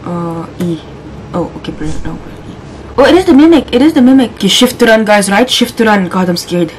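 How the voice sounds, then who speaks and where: A young woman, a gaming YouTuber, chats casually through a horror game let's play, jumping and shrieking or exclaiming whenever something scares her. Her medium-pitched voice is expressive and brisk. The recording is rough, with slight background noise.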